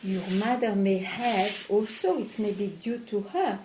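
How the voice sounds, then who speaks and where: A woman spiritual teacher in a satsang dialogue, talking slowly and probing with questions. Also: mid-range voice. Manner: slow, probing, questions the listener. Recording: echoey room with faint noise.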